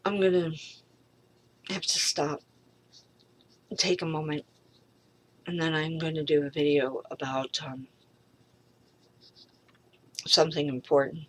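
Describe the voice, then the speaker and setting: A middle-aged woman in a rambling personal monologue, frustrated, halting, swearing freely and trailing off. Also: deep voice, steady tone, a little hiss or hum. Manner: halting, with many pauses and fillers. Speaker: vlogger.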